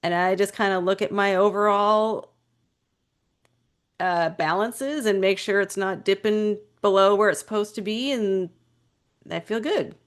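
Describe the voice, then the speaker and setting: A woman's voice: mid-range voice, fairly even intonation, unhurried, clean tone. A woman co-hosting a casual chat, speaking candidly and easily with frequent "you know" and "I just". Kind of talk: casual conversation.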